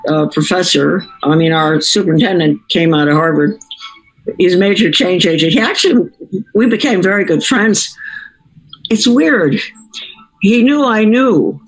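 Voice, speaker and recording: A woman's voice: on the low side, poor audio. An older woman, a former school board member, telling a rambling personal story full of digressions and self-corrections.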